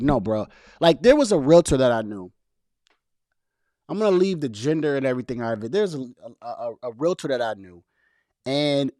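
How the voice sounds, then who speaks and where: A man's voice: fairly high pitch, no echo, studio quality. Passionate man giving slangy career advice. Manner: passionate, preachy, addresses viewers directly with slang. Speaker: host reacting to a podcast clip. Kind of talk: casual commentary monologue.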